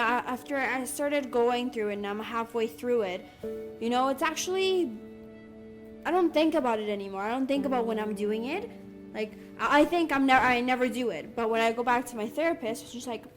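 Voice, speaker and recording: Young woman, fairly high voice, earnest and halting testimony, music bed behind her. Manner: earnest, halting, with many fillers and restarts. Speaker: interviewee sharing her story. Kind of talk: candid personal testimony.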